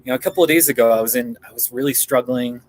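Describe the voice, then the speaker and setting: A man from Colorado livestreams from a coffee shop, rambling casually and responding to viewer comments. His voice is medium-pitched and he talks very fast, though the audio quality is poor.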